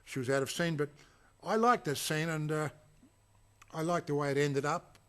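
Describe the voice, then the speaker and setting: This man's anecdote about a film shoot comes in a fairly high voice at a moderate pace with fairly even intonation. He wanders, restarts, and fills gaps, then bursts into loud shouts when acting out quotes.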